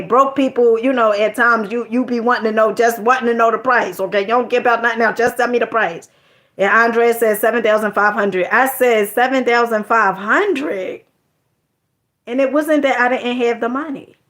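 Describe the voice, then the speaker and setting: A woman's voice: fairly high pitch, fairly bright tone. A woman telling a personal story in a casual, chatty monologue, often repeating her words and using slang.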